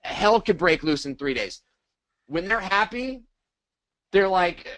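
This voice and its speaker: A middle-aged man talks through sales tips in a loose, animated way, slipping into little acted-out exchanges. His voice sits high for a man. The sound is dry and close, with no room around it. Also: slow, pauses often, no echo, poor audio. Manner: animated, acts out sample dialogue. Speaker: co-host of a marketing training. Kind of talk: casual coaching talk.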